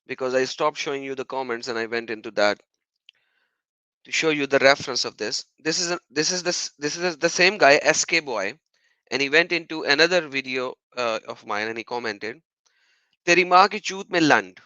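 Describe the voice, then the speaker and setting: A man's voice: medium pitch, brisk, bright, forceful tone, no room sound, low-quality recording. A man giving a monologue commentary as a YouTuber, talking emphatically, repeating himself and asking rhetorical questions.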